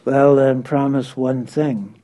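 A man's voice: mid-range voice, flat delivery, takes it slowly, natural voice, rough recording. A man reading aloud, voicing a revered spiritual master who speaks kindly but firmly. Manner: kindly, gently firm. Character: revered older male spiritual master, gentle and patient.

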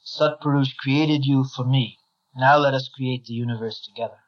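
A man's voice: medium pitch, fairly even intonation, moderate pace, lightly acted. A man reading as a proud, ruthless god of law. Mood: commanding. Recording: slightly dull lo-fi recording.

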